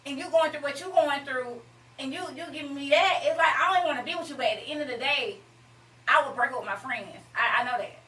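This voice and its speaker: Blunt emotional woman telling stories, a bit high, far from the mic in a roomy space. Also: fast talker, pushed and bright. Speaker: guest. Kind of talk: casual chat. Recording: echoey room, voice from far off.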